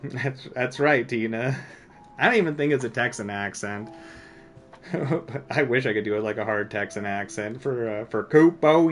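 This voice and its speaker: A man's voice: on the low side, a bit bright. A man streaming a video game, chatting casually in a rambling, self-deprecating way full of filler words. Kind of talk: casual gameplay commentary.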